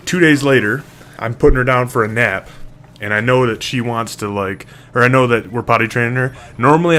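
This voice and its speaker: A man's voice: mid-range voice, a bit bright. A man casually telling a rambling story to camera, full of fillers, restarts and swearing. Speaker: single father vlogger.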